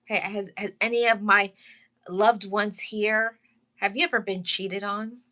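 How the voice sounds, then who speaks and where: A woman with a bright, clear voice tells her own story of heartbreak to viewers she calls loved ones. She speaks heartfelt and earnest, repeating herself and restarting lines as she fights back tears. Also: mid-range voice, steady tone. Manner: heartfelt, repetitive, pausing and restarting, greets live chat. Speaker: channel host sharing her story. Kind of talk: emotional personal testimony to viewers.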